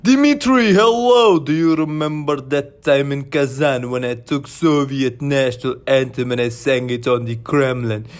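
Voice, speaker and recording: A man voicing a boisterous Russian man with a put-on Russian accent, boasting loudly. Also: moderate pace, few pauses, lightly acted. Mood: boastful. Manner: loud, high, excited boasting.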